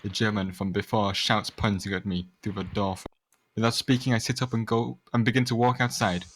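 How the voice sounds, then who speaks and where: A man's voice: lowish voice, flat delivery, brisk, fairly bright tone, slight background noise. A young man reading a fanfic aloud to friends in a sarcastic, overacted way, now and then tripping over words. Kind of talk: mocking dramatic read-aloud.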